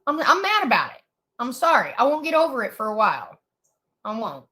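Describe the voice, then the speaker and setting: Furious, high, bright-voiced woman ranting. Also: wildly swooping pitch, brisk. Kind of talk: angry rant.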